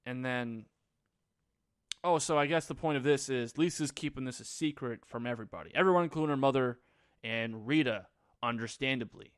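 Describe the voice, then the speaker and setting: Male solo reviewer, rambling and sarcastic, smooth voice pitched a bit high, dry close sound. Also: fairly quick, no echo. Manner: rambling, sarcastic, lots of fillers. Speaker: movie reviewer. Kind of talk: casual solo movie recap.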